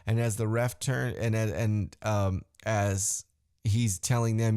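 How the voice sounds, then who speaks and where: A man hosting a podcast, recapping a wrestling show in a casual, profane way and acting out the wrestlers' lines in a higher voice. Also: fairly even intonation, slow, dark tone, no echo, studio quality. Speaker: podcast host.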